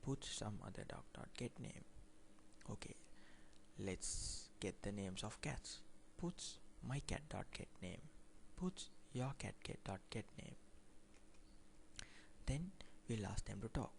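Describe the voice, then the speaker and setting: A man's voice: lowish voice, expressive, takes it slowly, gravelly, pauses often, a little hiss or hum. A man teaching programming in a screen-recorded tutorial, reading code aloud line by line and plainly explaining what it does. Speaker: programming instructor.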